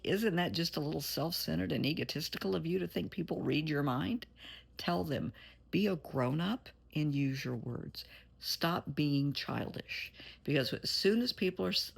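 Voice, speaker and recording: A woman therapist gives her viewers an earnest, motherly pep talk straight to camera, occasionally blunt in her encouragement. Her voice is deep, creaky, with a breathy edge.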